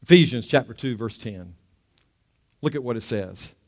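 A man preaching a sermon as pastor, lively and calling for amens from the church. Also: mid-range voice, moderate pace, in a large hall.

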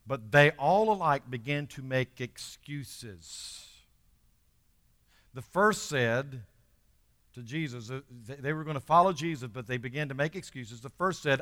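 A man preaching a sermon as pastor, emphatic and building to loud exhortation with the congregation. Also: medium pitch, lively intonation, unhurried.

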